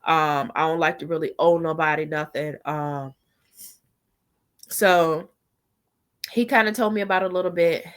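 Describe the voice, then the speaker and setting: A woman's voice: low voice, moderate pace, pauses often. A woman in her forties telling a personal story in a casual storytime vlog, chatty and heartfelt, often asking the viewer if they follow. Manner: chatty, heartfelt, leans on "you know what I'm saying". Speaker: vlogger.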